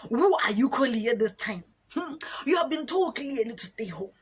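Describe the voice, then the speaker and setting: A woman voicing a stern male soldier who lectures and scolds loudly. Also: fairly high pitch, very animated, normal speed, husky, pitched above the performer's own voice. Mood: scolding. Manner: scolding, lecturing, rising to shouts.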